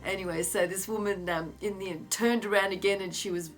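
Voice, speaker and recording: A woman's voice: medium pitch, brisk. An older woman, telling a family anecdote casually and acting out the people in it. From Australia. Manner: animated anecdote with acted-out quotes. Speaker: interviewee sharing memories. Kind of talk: casual storytelling.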